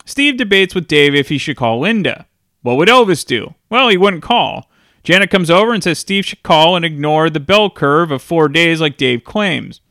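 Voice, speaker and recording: Bright chatty guy doing a laid-back film review, laughs a lot, dry close mic. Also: on the high side, expressive, normal speed, no echo. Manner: chatty, laughs often while recapping.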